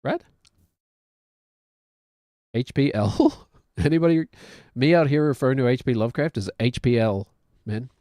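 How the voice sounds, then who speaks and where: A man's voice: mid-range voice, unhurried, long pauses, dark tone, dry recording, studio quality. A man in his thirties with a New Zealand accent, chatting casually while he plays a game and cracks self-mocking jokes. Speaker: streamer.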